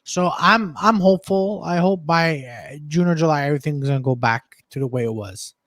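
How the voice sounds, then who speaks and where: A man answering as a podcast guest, hesitant and measured. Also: on the high side, fairly bright tone, dry recording, studio quality. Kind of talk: casual panel discussion.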